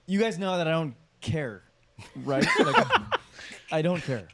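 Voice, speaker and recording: Male co-host, higher than average, rambling and repetitive, laid-back chat. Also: sing-song, measured pace. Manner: rambling, repeats himself, filler-heavy. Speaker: podcast co-host. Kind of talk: casual chat.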